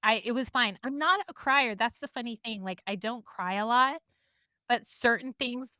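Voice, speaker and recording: Her voice sits fairly high, pushed and bright, at a moderate pace, captured at studio quality with no echo. This woman co-hosts a podcast, trading stories in casual chat and frequently breaking into laughter.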